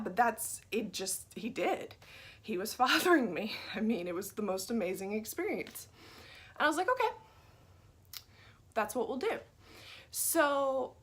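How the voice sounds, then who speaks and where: Husky woman sharing a heartfelt testimony. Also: a little high. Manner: earnest, drops to a soft whisper at tender moments. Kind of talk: personal testimony.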